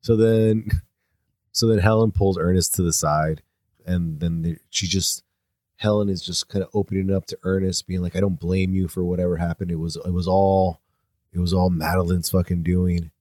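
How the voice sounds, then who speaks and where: A man's voice: low voice, steady tone, moderate pace, warm tone, no echo, studio quality. A young adult man co-hosting a podcast, casually recapping a film with jokes, laughter and swearing. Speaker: podcast co-host. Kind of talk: casual movie commentary chat.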